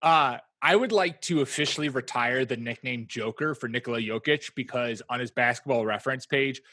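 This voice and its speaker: A man in casual podcast chat, his voice bright and forceful. He jokes around and jumps into excited bursts. The close mic is dry with no room sound. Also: medium pitch, no room sound. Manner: excitable, joking, quick bursts of enthusiasm. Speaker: podcast co-host.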